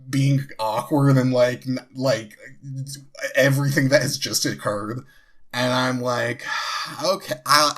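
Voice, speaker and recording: A man's voice: mid-range voice, fairly bright tone. A young man from New Jersey, a podcast co-host, telling a story casually, with many fillers and restarts. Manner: rambling, full of fillers and restarts.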